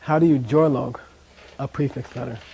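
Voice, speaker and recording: A man's voice: mid-range voice, fairly even intonation, moderate pace, warm tone, highs cut off, slight background noise. A man teaching a language class in a classroom, chatty, often checking in with "okay?" and drilling pronunciation.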